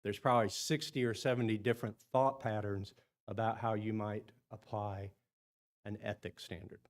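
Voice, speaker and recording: A man's voice: on the low side, flat delivery, normal speed. A man presenting at an engineering seminar in a meeting room, chatty, often repeating words and asking the audience questions. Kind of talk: conference talk to engineers.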